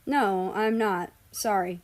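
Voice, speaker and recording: A woman's voice: medium pitch, takes it slowly, natural voice. A woman voicing a weary older brother who answers in a dry, exasperated way.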